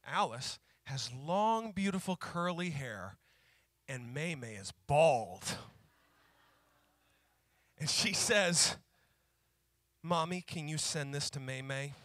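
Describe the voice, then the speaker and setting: A male pastor preaching a sermon who slows down to repeat key phrases for emphasis and tells stories in a conversational way. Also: high-pitched, bright, forceful tone, dry recording, clean studio sound. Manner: conversational storytelling with fillers.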